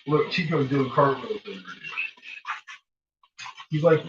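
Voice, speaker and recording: A man cooking at home in a casual vlog, swearing and rambling as he talks to his dogs, and his voice shoots up high and excited whenever he addresses them. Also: a little slow, pauses often. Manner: profane, rambling, jumps to a high excited voice when talking to the dogs. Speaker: home cook vlogger. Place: home kitchen. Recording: dull lo-fi sound with loud background noise.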